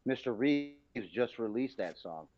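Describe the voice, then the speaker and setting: A man's voice: mid-range voice, measured pace. Male co-host, laid-back, repetitive emphasis; muffled lo-fi sound. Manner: relaxed, drawling, repeats himself for emphasis. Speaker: podcast co-host. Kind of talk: casual podcast banter. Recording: muffled lo-fi audio.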